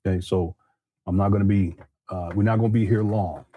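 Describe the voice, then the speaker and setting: A man's voice: low-pitched, fairly even intonation, brisk, phone-quality sound. A male show host explaining step by step to his viewers, careful and hesitant, with many fillers.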